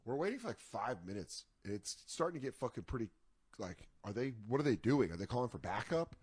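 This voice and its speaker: Dude ranting a crazy story, swears a ton, does all the voices, dry close mic. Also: male voice, mid-range voice, a little fast, husky, dry recording. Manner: profane, animated storytelling with acted voices. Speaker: comedian telling stories. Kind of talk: casual podcast chat.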